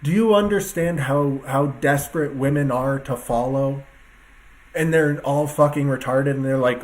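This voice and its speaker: This man has a mid-range voice and takes his time. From his computer desk, set up with two screens, he rants at his viewers as an online commentator in a casual solo talk, emphatic, profane and rambling.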